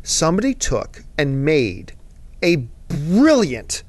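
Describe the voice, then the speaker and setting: A man with a slightly high voice speaks slowly, his pitch swooping wildly. He's a show host answering viewer mail in a casual chat about movies. An eager fan, he rambles and drifts into asides.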